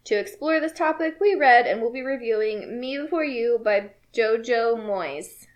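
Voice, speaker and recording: A woman co-hosting a laid-back book podcast, her voice sitting a little higher than usual. She talks in a playful, chatty way, bantering easily over drinks. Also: normal speed, dull audio. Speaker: podcast co-host. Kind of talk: casual chat over drinks.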